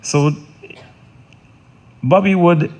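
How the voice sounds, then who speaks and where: A middle-aged man delivering a funeral eulogy in an earnest, halting way, often repeating words and restarting. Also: high-pitched, fairly even intonation, darkish tone. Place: funeral service.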